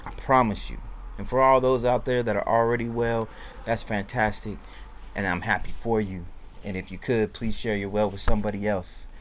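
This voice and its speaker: A man giving loose, rambling fan commentary in a casual vlog, moving between deflated and excited. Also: fairly low pitch, moderate pace, a little hiss or hum. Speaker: sports fan vlogger.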